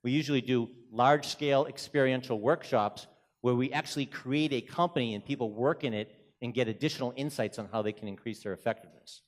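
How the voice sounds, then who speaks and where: A man with a strong Boston accent presents at a conference with energy and plenty of jokes. His voice sits at an ordinary middle pitch. He moves around the stage as he talks. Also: fast. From Boston, USA. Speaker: conference speaker. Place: hotel conference room.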